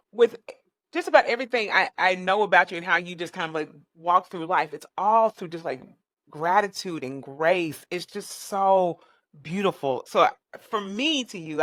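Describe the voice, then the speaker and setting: A woman's voice: fairly low pitch, fairly bright tone, no echo, clean studio sound. A woman hosting an interview, talking effusively with lots of repeated words and likes. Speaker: host. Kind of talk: casual interview chat.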